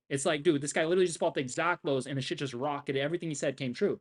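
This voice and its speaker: A man's voice: a little high, quick pace, hardly any pauses. A young man live-streaming his trades, talking in a brash, boastful rant full of swearing. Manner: brash, profane and boastful, ranting. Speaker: trading streamer. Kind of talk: live trading stream commentary.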